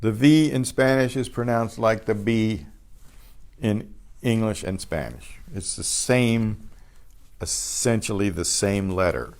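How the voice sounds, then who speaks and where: An older man teaching a beginners' Spanish class, patiently sounding out each word twice and explaining pronunciation in a relaxed way. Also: on the low side. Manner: patient, repeats each word slowly, trailing off quietly after explanations. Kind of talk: slow pronunciation lesson with repetition.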